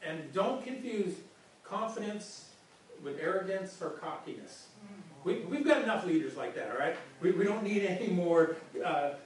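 A man's voice: sits high, animated, moderate pace, slight background noise. A male pastor giving a conversational sermon, often repeating words as he speaks. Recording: echoey room from far off.

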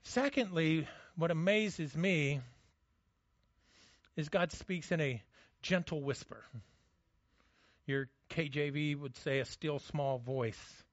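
A man preaching a sermon, telling a story with energy and dropping to a hush for the quiet moments. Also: a little high, takes it slowly, pauses often, no echo, dull audio. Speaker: pastor.

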